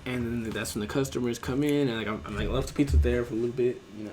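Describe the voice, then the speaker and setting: A man's voice: medium pitch, steady tone, fast, few pauses, darkish tone, a little hiss or hum. A young man in his twenties co-hosting a podcast, telling a rambling, profane work story and laughing as he goes. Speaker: podcast co-host. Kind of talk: casual storytelling chat.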